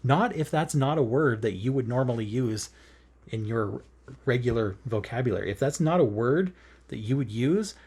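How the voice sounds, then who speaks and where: A man's voice: mid-range voice, animated, moderate pace, a little mellow, breathy edge. A man chatting casually while stitching in bed, rambling and earnest, with lots of fillers and frequent laughs. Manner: rambling and earnest, with many fillers and self-corrections; laughs often while talking. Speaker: cross-stitch vlogger. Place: in bed at home.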